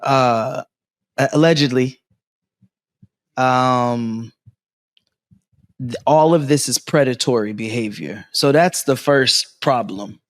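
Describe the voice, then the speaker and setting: A man co-hosting a comedy podcast from a living room, telling stories in animated, quick bursts with frequent laughs. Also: medium pitch, no room sound, studio quality. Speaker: podcast co-host. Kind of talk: casual comedic chat.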